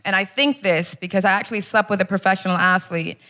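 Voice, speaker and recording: A woman's voice: medium pitch, steady tone, fast, bright, forceful tone. A woman performing a brash, punchy stand-up set in a comedy club. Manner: brash, punchy delivery with lots of "okay?". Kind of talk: stand-up routine. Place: comedy club stage, live audience.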